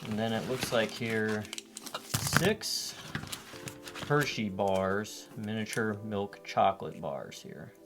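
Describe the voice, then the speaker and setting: A man's voice: lowish voice, takes it slowly. A man giving casual, dry and sarcastic unboxing commentary on his vlog. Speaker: vlogger. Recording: loud music behind.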